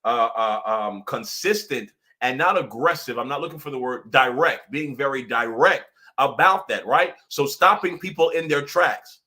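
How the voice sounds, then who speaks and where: A young man coaching viewers on a live stream, energetic and chatty, laughing often and acting out little dialogues. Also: mid-range voice, moderate pace. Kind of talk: motivational live-stream talk.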